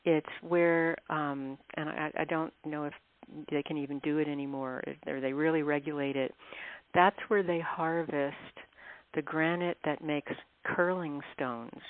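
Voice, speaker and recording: Low-voiced woman on a tinny phone line. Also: steady tone, a little slow, dry recording. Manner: chatty, laughs often, clears throat. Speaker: guest author. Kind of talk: casual interview storytelling.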